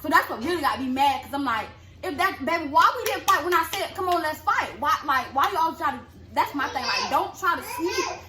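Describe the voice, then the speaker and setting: A young woman telling a story in casual chat, animated, acting out quotes in a high yelling voice. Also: fairly quick. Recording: echoey room with clear background noise.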